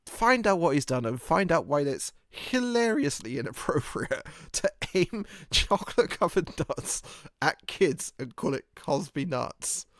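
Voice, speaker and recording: A man rambles through a casual podcast monologue, cracking jokes, swearing freely and laughing at himself. His pitch swings widely and lively from line to line. The sound is dry and close, with no room echo. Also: a little slow. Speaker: podcast host.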